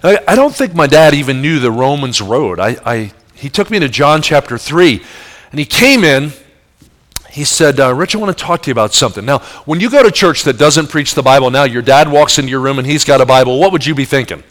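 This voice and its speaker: Preacher telling a vivid story. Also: male voice, medium pitch, animated, a little fast, fairly bright tone. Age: adult. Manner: vivid storyteller who acts out quoted voices; talks straight to the audience with questions. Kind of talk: sermon storytelling.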